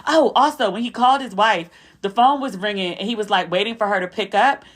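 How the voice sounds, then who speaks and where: A woman hosts her own podcast and recaps a weekend in a loose, conversational way. Her pitch sits in the middle for a woman's voice. She talks in an animated way and turns to her listeners with asides as she goes. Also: brisk. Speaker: podcast host. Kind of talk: casual storytelling recap.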